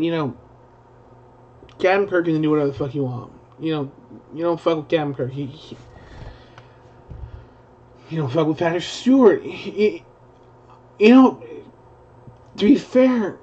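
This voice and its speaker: Rambling, profane man with higher voice. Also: a little mellow, breathy edge. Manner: rambling, profane, frequent restarts. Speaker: live-stream commentator. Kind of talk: rambling live-stream commentary. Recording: dull lo-fi stream audio.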